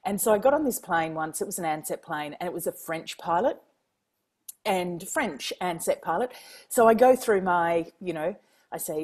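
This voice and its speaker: An Australian woman from Queensland, a guest author telling lively stories, laughing often and acting out quoted dialogue. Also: on the low side, normal speed. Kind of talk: casual storytelling.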